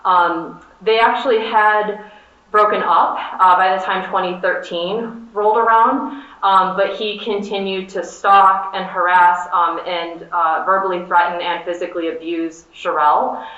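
A woman panelist giving a measured presentation at a conference, with many fillers. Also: mid-range voice, fairly even intonation, bright, forceful tone. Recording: echoey, dull conference room audio.

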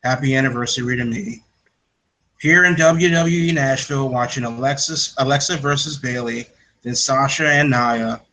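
A man's voice: medium pitch, normal speed, sharp tone, slight background noise, voice pushed down, close to an everyday voice. A man putting on an Australian woman's voice. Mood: sarcastic. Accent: put-on Australian. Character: a woman wrestler reading her tweet in an Australian accent.

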